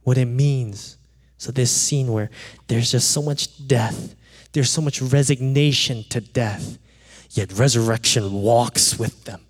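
A man's voice: medium pitch, slow, slightly rough, long reverb tail. A man preaching a sermon, explaining scripture in a conversational way and often checking in with "right?". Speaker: pastor.

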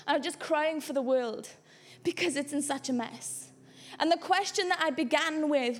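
A high-pitched woman pastor preaches to her congregation. Her delivery is earnest and climbs into passionate calls to action. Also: brisk. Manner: earnest, builds to impassioned exhortation. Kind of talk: sermon. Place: church hall.

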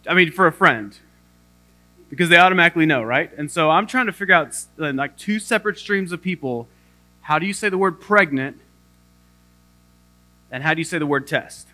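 Bright-voiced man preaching with humor. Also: a little high, brisk, pauses often. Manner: humorous self-deprecating storytelling. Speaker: pastor. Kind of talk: sermon.

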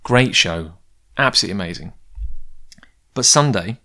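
A man with a very low, deep voice tells a long personal story in a loose, casual way. He wanders off on tangents and pokes fun at himself as he talks about his comics work. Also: lively intonation, moderate pace, creaky, bright, forceful tone. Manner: rambling, goes off on tangents. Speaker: comic book creator.

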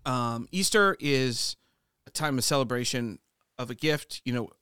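Middle-aged man, animated storyteller, medium pitch, dry close sound. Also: unhurried, clear, resonant tone, dry recording. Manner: animated storyteller, warm laughs, fillers like "uh". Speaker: pastor and podcast host. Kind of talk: casual conversation.

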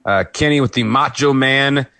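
A man co-hosting a podcast, giving a relaxed play-by-play recap of a wrestling match with light laughs. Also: mid-range voice, normal speed, gravelly, dry recording. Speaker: podcast co-host.

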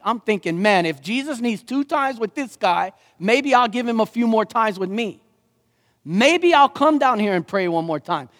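A man preaching a sermon as a pastor, animated and joking, slipping into playful voices. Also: high voice, long reverb tail.

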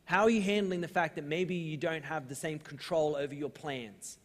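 A young adult man with an Australian accent, preaching a sermon as pastor in a relaxed, storytelling way with lively asides. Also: on the high side, normal speed. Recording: long hall reverb.

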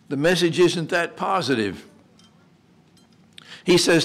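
A man's voice: mid-range voice, animated, measured pace. A man preaching a sermon in a conversational way, asking rhetorical questions and repeating words as he restarts. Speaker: pastor.

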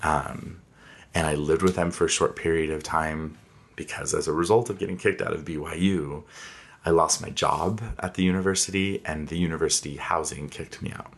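A man's voice: rumbling low, fairly even intonation, normal speed, vocal fry. A man in his thirties telling a personal story candidly and reflectively, with frequent fillers. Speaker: interviewee.

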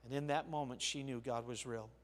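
An older male pastor preaching a sermon, telling a personal story with sharp shifts between quiet and loud. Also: medium pitch, steady tone, brisk. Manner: storytelling, with big swings of loudness.

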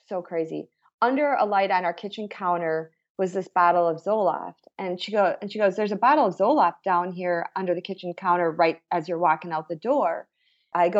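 A middle-aged woman telling her personal story as an interviewee, in a halting, emotional way with frequent restarts. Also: on the low side, lo-fi sound. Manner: emotional, halting retelling with self-corrections.

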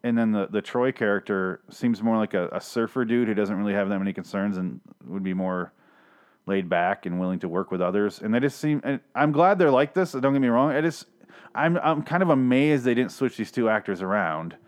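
Speaking a little fast in a fairly low pitch, a TV show reviewer delivers a casual solo recap rant. He's profane and sarcastic, rambling along and often starting over.

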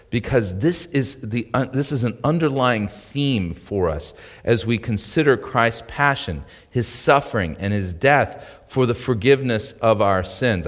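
Low-voiced pastor preaching in a reverberant hall. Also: male voice. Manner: conversational teaching, asks "right?" often. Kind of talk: sermon. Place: church sanctuary. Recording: long reverb of a church hall.

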